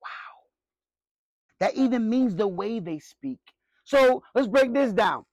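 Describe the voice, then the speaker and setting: High, gravelly-voiced preaching man. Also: animated, slow, no room sound, low-quality recording. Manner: emphatic, conversational preaching with repeated rhetorical questions. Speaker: pastor. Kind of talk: sermon with scripture reading.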